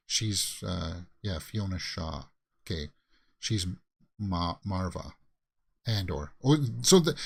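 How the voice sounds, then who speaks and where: A man's voice: mid-range voice, fairly bright tone. A man hosting a reaction video, reviewing a show in a casual, rambling way, thinking aloud with many fillers.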